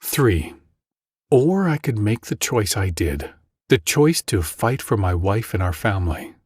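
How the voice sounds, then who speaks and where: Man in his forties, husky voice, dramatic confessional ad read, dry close sound. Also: lowish voice, sing-song, a little slow, a little mellow, dry recording. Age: 40s. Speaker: ad narrator. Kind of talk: scripted narration.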